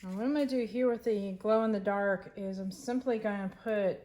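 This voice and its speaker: A woman's voice: medium pitch, a little fast, mellow. A woman resin artist talking casually through a craft project, rambling and correcting herself as she thinks aloud.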